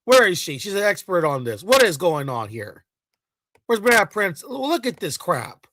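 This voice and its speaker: Profane ranting man, sharp bright voice. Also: high-pitched, very animated, moderate pace, no room sound, rough recording. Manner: heated, profane, repetitive ranting; mocking, sarcastic asides. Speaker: commentator. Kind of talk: reaction commentary rant.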